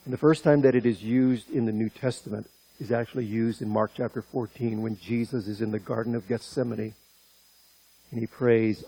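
A male preacher delivering a sermon, impassioned and speaking directly to his listeners, pushing his voice higher and louder on key points. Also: fairly even intonation, moderate pace, slightly rough, rough recording. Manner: impassioned, rising in pitch and loudness on key points.

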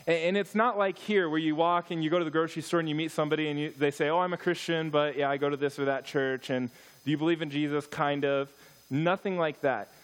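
Male missionary speaker, higher-pitched, playful storyteller for a church audience. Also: fast talker. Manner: storytelling, joking, animated asides. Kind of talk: church talk with humorous stories.

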